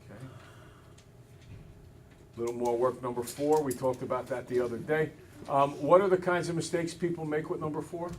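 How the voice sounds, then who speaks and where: A man teaching math to a class in a brisk, joking way, his voice a little higher than most. He is picked up by a mic some way off, with a faint hum of the room behind him. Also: steady tone, far from the mic.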